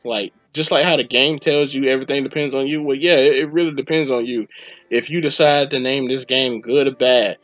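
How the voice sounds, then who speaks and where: A man's voice: mid-range voice, fairly even intonation, brisk, a bit bright, dry recording. A man hosting a podcast, rambling casually through a game review and acting out his own reactions. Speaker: podcast host. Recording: dull lo-fi recording with faint music.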